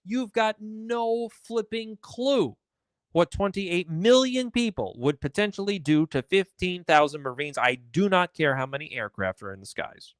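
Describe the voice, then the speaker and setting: A man rants through a solo political live stream with biting sarcasm and open indignation. His voice sits fairly high and swings up and down with lively emphasis. The sound is close and dry, with no room around it. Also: measured pace, dry recording. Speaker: political commentary host.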